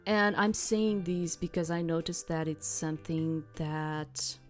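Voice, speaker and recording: A woman's voice: low voice, measured pace, faint music behind. A woman streaming a game, chatting casually and explaining at length with lots of fillers. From outside the United States. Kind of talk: casual let's-play commentary.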